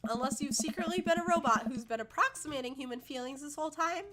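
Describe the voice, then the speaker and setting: A woman's voice: sits high, fast, voice pushed up, lightly acted. A woman voicing a kind middle-aged father giving earnest advice with a few jokes. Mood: reassuring. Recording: loud background noise.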